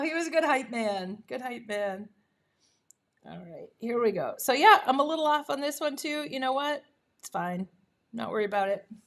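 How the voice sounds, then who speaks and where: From her home craft room, a high-voiced woman runs a live papercraft demo. Her manner is chatty and cheerful, with frequent laughter and self-encouragement.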